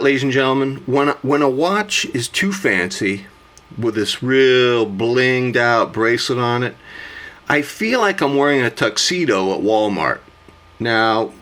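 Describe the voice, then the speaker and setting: A man with a rough morning voice, hosting a casual vlog monologue about his collection. He gushes theatrically and talks to himself as he goes. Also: medium pitch, fairly bright tone. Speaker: watch collector vlogger.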